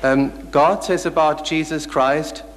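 A man's voice: on the high side, steady tone, slow pace, a little hiss or hum. A man from the audience at a public lecture, polite but persistent as he presses the chair to let him ask a full question. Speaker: audience member asking a question. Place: large lecture hall. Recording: long hall reverb.

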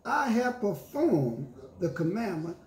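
A pastor delivers a sermon in a high, slow, very animated voice with a darkish tone, reading scripture aloud and retelling it in emphatic street slang while listeners answer him. The room is echoey with faint ambience.

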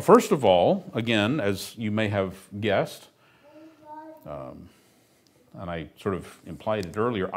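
A man's voice: fairly low pitch, darkish tone. A middle-aged man preaching a sermon as pastor, emphatic and earnest, with dry humorous asides.

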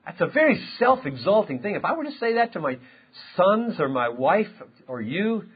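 A male pastor preaching a sermon, emphatic and impassioned, swinging between loud and quiet. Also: high-pitched, sing-song, moderate pace, slightly rough. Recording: dull lo-fi sound.

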